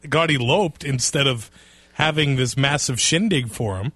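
A man's voice: medium pitch, moderate pace, no echo. A man co-hosting a sports podcast, chatting casually and laughing often. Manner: laughs often, lively reactions. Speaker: podcast co-host.

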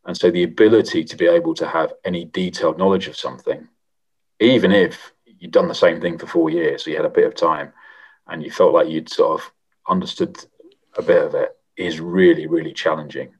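A middle-aged man, a former member of parliament, answering interview questions in a measured, reflective way with frequent pauses and restarts. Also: low-pitched, steady tone, slightly rough. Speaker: former MP, guest.

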